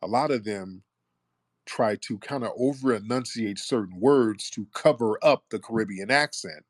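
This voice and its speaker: A man's voice: on the low side, moderate pace, no echo. Male radio host, argumentative, teasing, casual call-in talk, dry close sound. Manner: animated, argumentative, teasing callers.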